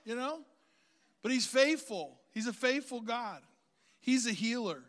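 A man's voice: extremely high pitch, animated, a little slow, a bit bright, in a large hall. A man preaching a sermon, outgoing and talkative, calling on the congregation to repeat phrases after him.

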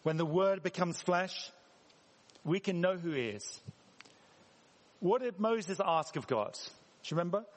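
A man's voice: sits high, lively intonation, unhurried, long pauses. A man preaching a sermon in a church, talking conversationally and putting questions to the congregation. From England. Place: church hall. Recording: reverberant church hall.

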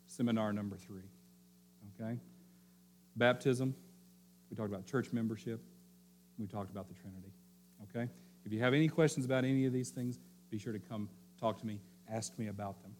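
A pastor delivers a teaching sermon at a normal pace, pausing often, repeating key phrases and frequently checking in with his listeners. Now and then he drops to a quiet, low voice to stress a point. There's a slight hiss or hum in the recording.

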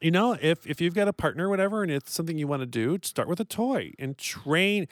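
A man's voice: fairly high pitch, animated, quick pace, no echo. A man co-hosting a podcast, reading listener letters aloud in casual chat and often breaking into giggles. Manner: giggly, playful, breaks into laughter. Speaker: podcast co-host.

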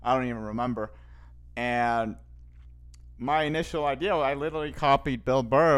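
A man's voice: mid-range voice, moderate pace. A man hosting a podcast, talking casually into a microphone in rambling fashion, with many restarts and easy laughter. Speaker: podcast host.

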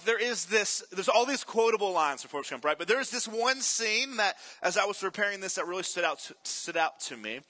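A man preaching to his congregation, full of energy as he tells a story and throws questions out to the room. His voice is bright and forward, and it sits a little high for a man. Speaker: pastor. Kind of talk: sermon.

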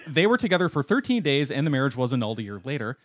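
A man's voice: medium pitch, sing-song, fast, no echo, clean studio sound. A man co-hosting a podcast, reading out a gossipy story and laughing as he goes. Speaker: podcast co-host. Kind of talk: casual chat, reading a story aloud.

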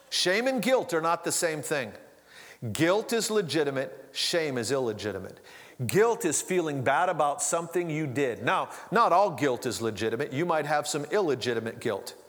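Middle-aged male pastor, a bit high-pitched, talks off the cuff, long hall reverb. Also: sing-song, moderate pace, a bit bright. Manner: conversational, with restarts and asides. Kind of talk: sermon.

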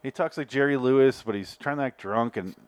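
A man's voice: medium pitch, a little fast, clear, resonant tone, dry recording, studio quality. A young adult man hosting a podcast, chatting casually and swearing freely while reviewing an episode. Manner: profane, laughing banter. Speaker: podcast host.

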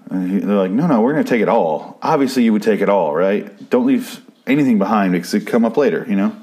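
Low-pitched man for a loose, profane episode recap vlog, rambling and exasperated. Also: a little mellow. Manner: rambling, swearing, exasperated ranting. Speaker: TV show recapper.

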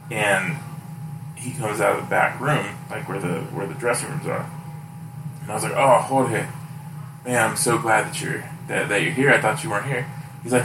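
A man chatting as a podcast host, animated and quick to laugh, acting out other people's lines in a raised voice. He sounds far from the mic in an echoey room with steady noise behind him. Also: on the low side. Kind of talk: casual chat and storytelling. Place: house, indoors.

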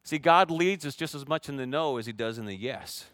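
A male pastor preaching a sermon, dropping to a hush in quiet passages and rising to loud emphasis, often asking his listeners direct questions. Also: mid-range voice, animated, brisk, no echo, studio quality. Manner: shifts between hushed reflective passages and loud emphatic preaching; asks the congregation direct questions.

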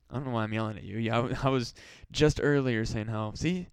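A man's voice: medium pitch, fairly quick, clean tone, no echo. A man hosting a solo podcast, rambling and swearing with mock-desperate pleading. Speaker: podcast host. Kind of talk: casual solo podcast rant.

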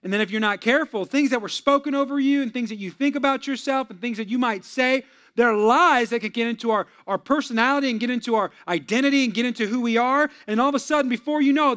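A young adult man, a pastor, giving a sermon in a lively, conversational way with personal stories and jokes for the congregation. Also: very high voice, quick pace, hardly any pauses, smooth.

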